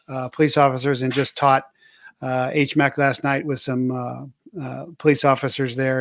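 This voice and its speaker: A man's voice: mid-range voice, no room sound, clean studio sound. A man hosting his own show, talking in a casual, rambling monologue with many filler words and an earnest tone. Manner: earnest and patriotic. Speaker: show host.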